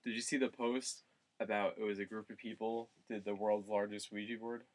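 A man's voice: lowish voice, level tone, brisk. A man co-hosting a podcast, teasing the others in laid-back casual chat. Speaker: podcast co-host.

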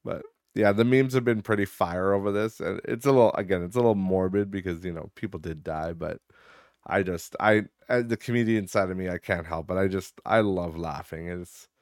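A man's voice: low-pitched, fairly quick, darkish tone, no room sound, clean studio sound. A man hosting a podcast in casual rambling chat, swearing and laughing often, sounding tired. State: tired, yawning. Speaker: podcast host.

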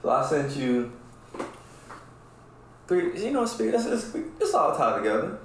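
A man hosting a podcast, telling stories in casual chat in a profane, animated way and often asking "right?". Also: on the high side, measured pace, slight background noise. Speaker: podcast host. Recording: very echoey room.

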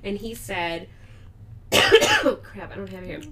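A woman's voice: mid-range voice, slow pace, a crowd in the background. A young woman teacher chatting casually with friends, telling classroom stories and acting out her students' voices. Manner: animated storyteller, acts out kids' voices, swears freely. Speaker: elementary school teacher.

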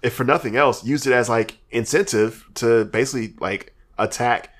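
A man's voice: mid-range voice, moderate pace. A man co-hosting a podcast in casual chat, who swears freely, laughs often and rambles through restarts. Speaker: podcast co-host.

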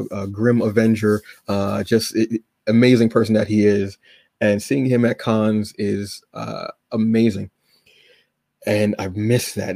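Gravelly, mellow-voiced male podcast host. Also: on the low side, no room sound. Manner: rambling, emotional, many restarts and fillers. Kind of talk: casual chat.

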